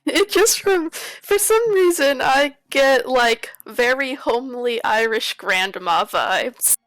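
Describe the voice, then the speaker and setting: A woman from Newfoundland playing a tabletop game, chatting in a quick, playful way. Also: high-pitched, lively intonation, fairly bright tone, dry recording, soft background music, low-quality recording. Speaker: player. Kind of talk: casual chat.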